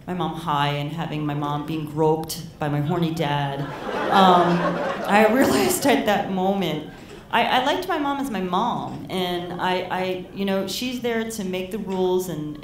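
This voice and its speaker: A woman tells a story live on stage in a loose, rambling way, her lowish voice carrying through a roomy hall. She sounds a little set back from the mic, with faint room ambience behind her. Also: recorded from a distance, background noise. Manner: casual, rambling, heavy use of "like". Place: live storytelling event in a venue.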